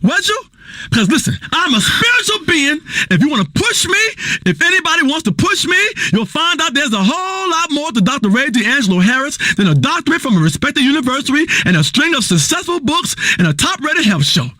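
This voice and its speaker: An actor playing an erratic, self-important male radio health show host who rambles and flares into shouting. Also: very high voice, sing-song, fairly quick, no room sound, full character voice. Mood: agitated. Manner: rambling, volatile, bursts into shouting. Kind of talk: comedic radio talk show acting.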